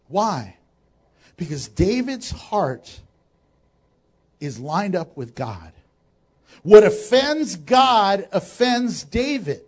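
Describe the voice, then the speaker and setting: A man preaching a sermon as pastor, animated and joking, acting out quotes as he goes. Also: high voice, drawn-out words, pauses often, slightly rough.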